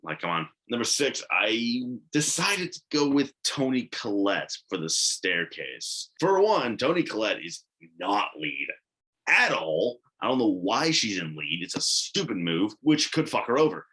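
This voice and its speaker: A man's voice: lowish voice, big pitch swings, a little slow, sharp tone, low-quality recording. A man giving casual, blunt commentary on TV award predictions, swearing and rambling with asides.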